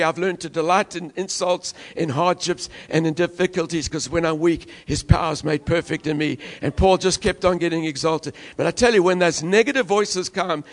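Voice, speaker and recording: High-voiced male pastor, impassioned sermon delivery, big swings from loud to hushed. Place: church.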